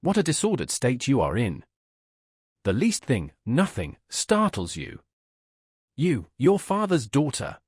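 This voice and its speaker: A man doing a calm, gentle old doctor. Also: mid-range voice, measured pace, husky, no room sound, clean studio sound, exaggerated voice. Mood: soothing. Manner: calm, soothing. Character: gentle elderly father, a doctor.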